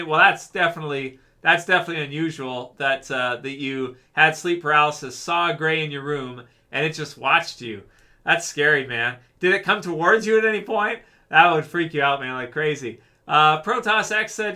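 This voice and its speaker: On a casual livestream, a male host chats loosely with viewers and reads out their comments, rambling in a laid-back way with lots of fillers and calling people "man." His voice sits on the high side, pushed and bright, at a moderate pace.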